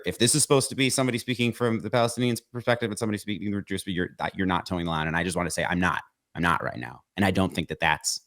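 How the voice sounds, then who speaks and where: Halting, deep-voiced man in earnest talk. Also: dry recording, studio quality. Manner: halting, many restarts and repeated words; earnest, emotionally heated at times. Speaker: podcast guest. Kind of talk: casual conversation.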